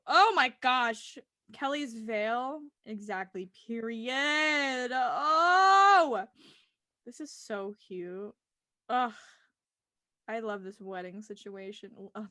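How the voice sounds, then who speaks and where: A woman co-hosting a casual online show, talking excitedly and emotionally while she reacts to pictures and sighs often. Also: a little high, slow, dry recording, studio quality. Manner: gushing, emotional, exclaims and sighs. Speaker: co-host of a TV discussion show. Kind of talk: casual chat, reacting to photos.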